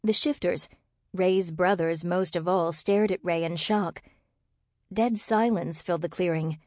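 A woman narrating a novel in a steady, expressive reading voice. Her pitch sits on the low side, and the recording is dry and close-miked. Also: no echo. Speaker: audiobook narrator. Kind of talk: scripted narration.

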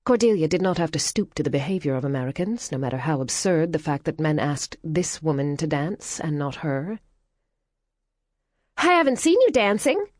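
A woman narrating a novel in a measured, wry storytelling manner. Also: low voice, warm tone, dry recording, studio quality. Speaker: audiobook narrator. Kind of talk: scripted narration.

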